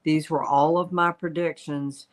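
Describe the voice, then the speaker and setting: An older woman, a psychic medium hosting a casual livestream, telling stories in an animated way. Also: deep voice, a little slow, low-quality recording. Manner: animated storytelling, quotes spirits in voices. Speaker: psychic medium, show host.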